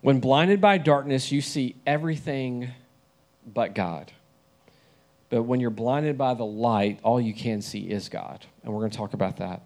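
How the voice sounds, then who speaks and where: A man's voice: medium pitch, expressive, measured pace, a little mellow. A young man preaching a sermon in a conversational way, often asking the listeners questions.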